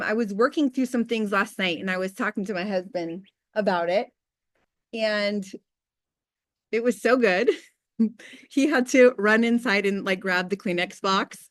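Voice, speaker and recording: A woman in her thirties hosting a casual motivational team call, chatty and candid, with quick asides and faith talk. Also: mid-range voice, dry recording, studio quality.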